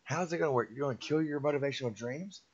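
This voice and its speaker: A man's voice: mid-range voice, fast talker, slightly rough. A middle-aged man giving a rambling, emphatic motivational talk, repeating himself and preaching to the listener. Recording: dull lo-fi sound.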